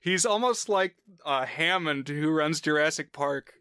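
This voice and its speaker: Man, bright tone, smooth clear voice, dry close mic, casual rambling podcast chat. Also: fairly high pitch, unhurried, dry recording. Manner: rambling, filler-heavy explaining. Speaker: podcast co-host.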